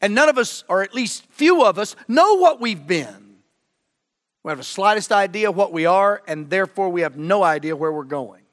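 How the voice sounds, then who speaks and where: A middle-aged man delivers a sermon from a church pulpit, his fairly high voice ringing with long reverb. He preaches with fervor, hammering some phrases loudly and dropping others to a low, earnest hush. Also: animated, normal speed. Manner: fervent, swings from loud emphasis to low earnest tones. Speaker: guest preacher. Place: church sanctuary.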